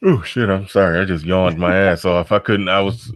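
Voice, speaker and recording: A man's voice: low-pitched, steady tone, moderate pace. A man hosting a casual livestream chat, laid-back with loose slang and frequent laughter, reading out viewer messages. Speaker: show host.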